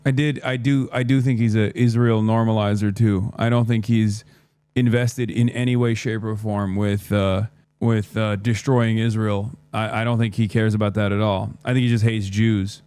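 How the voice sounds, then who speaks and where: An American man giving sarcastic, rapid-fire live-stream political commentary. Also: fairly low pitch, level tone, dark tone, clean tone, dry recording. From United States.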